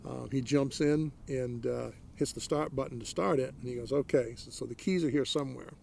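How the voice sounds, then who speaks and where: A middle-aged man from Maine speaks in a gravelly, dark and mellow voice. He tells his story plainly in an interview, walking through each exchange step by step and leaning on "he goes" and "I said.". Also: medium pitch, a little fast, a little hiss or hum. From Maine, United States. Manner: plain-spoken, retells exchanges with lots of "he goes" and "I said". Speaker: interviewee recounting a police encounter.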